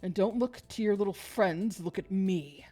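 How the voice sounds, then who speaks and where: Close to an everyday voice, this woman's is mid-range and warm, at normal speed, with faint music behind her. Performing a game's domineering, passive-aggressive middle-aged father, she lectures condescendingly.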